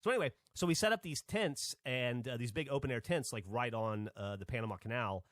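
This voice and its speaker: A man's voice: medium pitch, fairly quick, a bit bright, dry recording, clean studio sound. A man from Alabama, a podcast host, telling a rambling story in casual chat and swearing freely.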